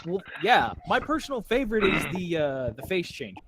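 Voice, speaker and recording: A man's voice: high voice, very animated, normal speed. Man tossing in dry jokes over crowd noise. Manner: dry joking asides. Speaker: co-host. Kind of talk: casual stream commentary.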